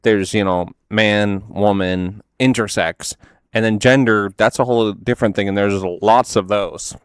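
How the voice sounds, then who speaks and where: Low-voiced man doing sarcastic rambling commentary. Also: fairly even intonation, a little slow, clean tone, dry recording, clean studio sound. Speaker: reaction video host. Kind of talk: casual reaction commentary.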